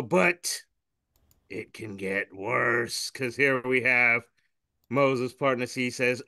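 A man co-hosting a casual podcast, describing memes in an animated, profane way. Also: mid-range voice, measured pace, smooth, no echo, clean studio sound. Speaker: podcast co-host. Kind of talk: casual podcast chat reading memes aloud.

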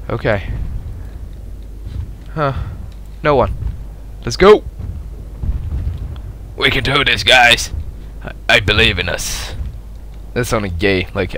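A young man giving live commentary over a shooter game, excitable and foul-mouthed, laughing at his own blunders. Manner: excitable, swears a lot, laughs at himself, swings from loud yelps to low mutters. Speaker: gameplay commentator.

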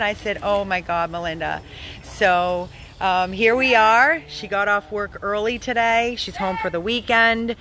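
Woman dog rescuer, mid-pitch, eager rambling vlog talk, phone cam outdoors with faint background hum. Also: bright, forceful tone. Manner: enthusiastic, rambling, fast bursts. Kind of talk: vlog narration. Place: outdoors in a fenced yard.

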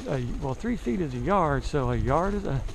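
A rambling, self-mocking travel vlogger with a mild Southern US twang, talking to camera while pedaling a bike outdoors. His voice sits a little higher than most men's. A faint hiss of noise runs underneath. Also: lively intonation, moderate pace, gravelly. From Southern United States. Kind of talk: casual chat to camera. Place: outdoors, riding a bicycle.

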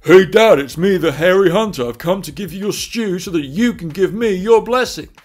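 A man voicing a deceitful young son who greets his father loudly with fake cheer. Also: sits high, lively intonation, normal speed. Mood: faking.

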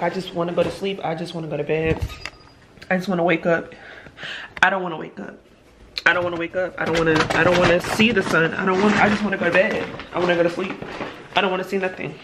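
A woman, venting in a casual vlog about being exhausted before a trip. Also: on the low side. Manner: tired, venting and exasperated. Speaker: vlogger and hairstylist. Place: in a car, then at home. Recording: noisy phone recording.

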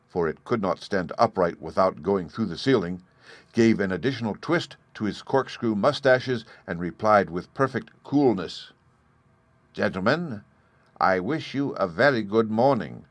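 A man reading a fairy tale aloud in measured storybook narration. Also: on the low side, no room sound. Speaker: audiobook reader.

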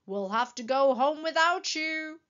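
Woman playing a bright, patient patchwork elephant. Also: high voice, lively intonation, unhurried, highs cut off, voice pushed up. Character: cheerful clever male patchwork elephant.

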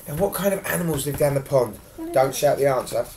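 A woman reading a picture book aloud to a child at home, animated and asking questions along the way. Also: low-pitched, moderate pace.

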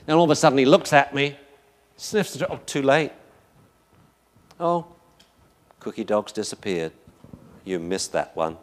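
A man, a dog trainer, giving a lively lecture as he comments on training footage. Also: medium pitch. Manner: lively, animated, self-mocking.

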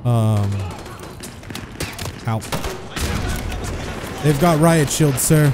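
A man's voice: fairly high pitch, huge pitch swings, very slow, pauses often, noisy background. A man giving casual, jokey commentary over his gameplay, laughing at his own quips. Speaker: gamer.

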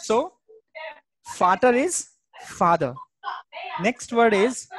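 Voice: medium pitch, expressive, unhurried. A German language teacher gives an online class over a video call. The teacher drills each word's pronunciation patiently and repeats it.

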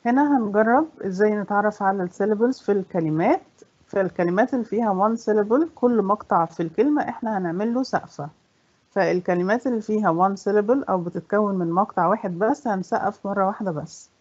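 A woman English teacher with an Egyptian accent, a native Egyptian Arabic speaker, explaining a lesson in Arabic and reading the English questions slowly. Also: mid-range voice, darkish tone, slightly rough. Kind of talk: bilingual classroom explanation. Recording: dull lo-fi recording.

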